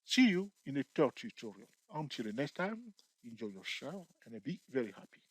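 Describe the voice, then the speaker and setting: A man's voice: medium pitch, sing-song, normal speed, breathy edge, no room sound, poor audio. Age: adult. Sex: man. Role: trading teacher. Style: chart tutorial, keeps asking "you see?". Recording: dry, close. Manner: repetitive, checks in often with "you see" and "okay". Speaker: trading educator. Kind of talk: screen-share chart tutorial.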